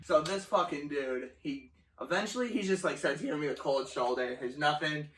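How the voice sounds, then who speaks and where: Young man, fairly high voice, cussing storyteller, echoey room, mic kinda far. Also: normal speed. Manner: profane, animated storytelling with laughter. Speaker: storyteller guest. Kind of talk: casual chat.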